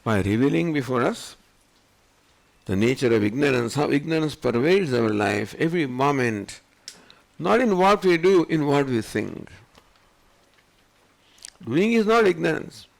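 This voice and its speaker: An older man lectures on scripture in a gravelly voice. His pitch rises and falls with lively swings as he puts one rhetorical question after another to his listeners. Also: unhurried, long pauses. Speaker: swami teaching scripture.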